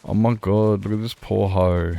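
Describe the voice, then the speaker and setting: Man, deep gravelly voice, rambling, laughs a lot. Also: steady tone, moderate pace, mellow. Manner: rambling, laughs often, self-mocking. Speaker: streamer. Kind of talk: casual gaming stream chat.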